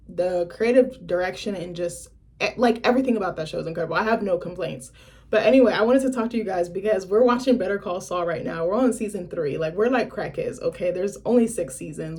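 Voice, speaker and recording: A young adult woman vlogger in casual chat to camera, talking in a chatty, blunt and profane way with lively asides. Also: medium pitch.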